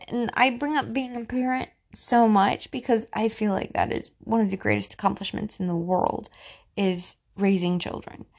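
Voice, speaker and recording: Gravelly-voiced woman giving a pep talk. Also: fairly high pitch. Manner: encouraging, chatty, repeats herself. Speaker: motivational podcast host. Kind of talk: motivational talk.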